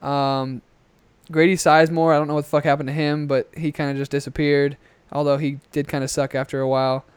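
Young male podcast co-host, brisk profane rants, smooth tone, dry headset sound. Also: fairly high pitch, no echo. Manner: ranting, profane, animated. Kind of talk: casual podcast chat.

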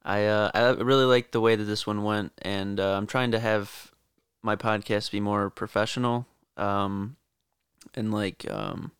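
A man hosting a podcast, speaking casually and hesitantly with many pauses. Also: fairly low pitch, fairly even intonation, clean tone, no echo, clean studio sound. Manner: hesitant, full of hedging pauses. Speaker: podcast host. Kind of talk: casual chat.

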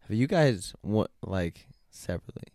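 A man's voice: on the low side, big pitch swings, normal speed, darkish tone. A man hosting a casual podcast, telling stories in a laid-back way and swearing freely. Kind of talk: casual chat among friends.

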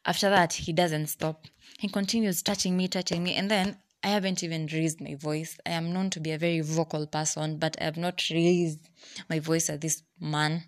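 Low-voiced Kenyan woman telling a story. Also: normal speed. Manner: lively, exasperated storytelling that mixes English and Swahili slang. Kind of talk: casual personal storytelling.

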